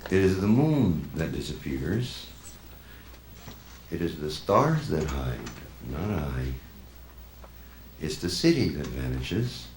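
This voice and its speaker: A man in his sixties, a poet reciting in a slow incantatory way and then talking loosely and reflectively in an interview, on an old videotape transfer. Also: extremely low pitch, very animated, a little mellow, reverberant, slight background noise. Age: 60s. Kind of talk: poetry reading and interview answers.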